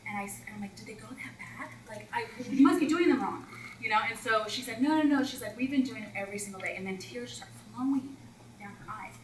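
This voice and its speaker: A woman's voice: on the high side, quick pace, roomy sound, distant mic, a little hiss or hum, rough recording. A woman teacher coach telling classroom stories to an audience of teachers, acting out the children's voices. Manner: animated, acts out children's voices. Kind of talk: storytelling workshop talk.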